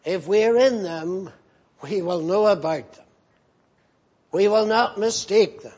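A man's voice: high-pitched, slow pace, darkish tone, breathy edge. A man pastor preaching an earnest, rebuking sermon with emphatic repetition.

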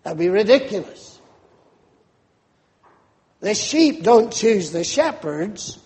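A man preaching a sermon in a measured, emphatic way, repeating phrases for stress. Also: high-pitched, sing-song, darkish tone. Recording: long reverb of a large hall.

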